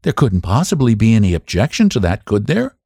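A man's voice: lowish voice, sing-song, fairly quick, gravelly, a little mellow, breathy edge, no room sound, studio quality, heavily acted. A man doing a timid sheriff's wife. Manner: hesitant, shrinking.

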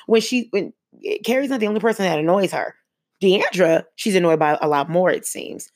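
A young woman with a low voice talks through her opinions on a solo podcast. She sounds emphatic and conversational, building her points with rhetorical questions and firm stresses. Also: fairly quick. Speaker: podcast host.

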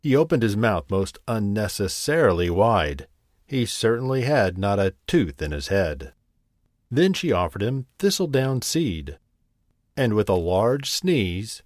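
A man narrating a children's storybook, expressive and playful, acting out each character. His voice sits on the low side and moves through a wide, lively range. The recording is close and dry. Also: dry recording. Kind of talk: storybook read-aloud.

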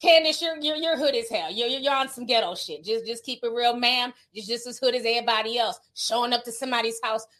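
Sassy, high-voiced woman dishing gossip. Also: quick pace, few pauses, a bit bright. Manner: sassy, slangy, laughing asides. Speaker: commentator, channel host. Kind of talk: casual gossip commentary.

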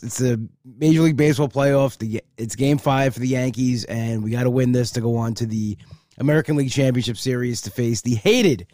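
A man hosting his own podcast in a casual, rambling way, hoarse and congested from a cold with a gravelly voice. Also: medium pitch, darkish tone, no echo, studio quality. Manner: rambling, repeats words when starting sentences. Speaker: podcast host. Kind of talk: casual solo podcast talk.

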